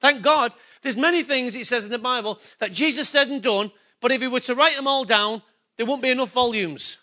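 Man, pastor, sermon, emphatic, repetitive, very high voice. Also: brisk, bright, forceful tone. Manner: emphatic, repetitive preaching with rhetorical questions.

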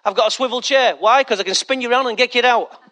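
A man's voice: extremely high pitch, fast talker, pushed and bright. A man preaching a sermon as pastor, emphatic and joking as he speaks straight to the congregation.

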